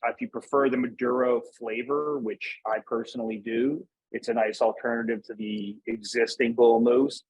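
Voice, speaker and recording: A man's voice: medium pitch, fairly even intonation, normal speed, hardly any pauses, a little mellow, husky, low-quality recording. A man from Northeast Pennsylvania, a guest on an interview, chatting in an easygoing, rambling way. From Northeast Pennsylvania, USA. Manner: easygoing, rambling, lots of "like" and restarts. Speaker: guest, cigar brand manager. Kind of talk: casual interview chat.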